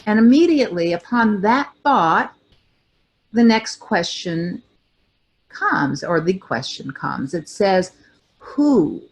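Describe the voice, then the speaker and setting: An older woman co-hosting a talk show, telling a personal story in a thoughtful way with pauses and restarts. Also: medium pitch, animated. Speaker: co-host.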